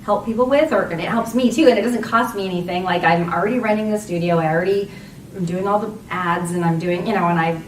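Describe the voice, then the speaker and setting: A woman's voice: mid-range voice, fast. Chatty laughing woman in a roomy hall. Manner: chatty and rambling, laughs often, acts out quotes. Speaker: voice actress guest on a convention panel. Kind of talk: casual panel Q&A. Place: convention panel room. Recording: roomy hall, distant from mic, faint noise.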